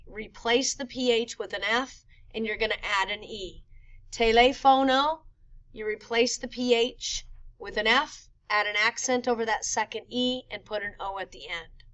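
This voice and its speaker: Woman teacher going over rules slow and clear, kinda high voice. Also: a bit bright, poor audio. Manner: clear, methodical explaining with slow spelled-out examples. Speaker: Spanish teacher. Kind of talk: recorded classroom lesson.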